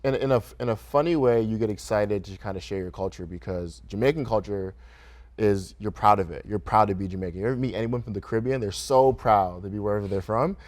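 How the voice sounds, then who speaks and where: A man's voice: fairly low pitch, fast talker, darkish tone. A young man from Michigan being interviewed in a studio, speaking in an easygoing way, often laughing and tagging his sentences with "right?". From Grand Rapids, Michigan, USA. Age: young adult. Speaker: guest, restaurant owner. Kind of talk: relaxed interview conversation. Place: radio studio.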